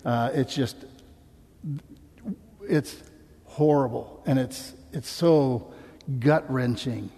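A man preaching a sermon, earnest and conversational, often restarting words and pausing for emphasis. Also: mid-range voice, mellow. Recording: echoey hall with long reverb.

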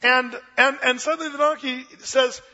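A man preaching a sermon, telling a Bible story with lively acted-out voices. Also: very high-pitched, moderate pace. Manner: animated storyteller, acts out voices. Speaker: pastor. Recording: dull lo-fi sermon recording.

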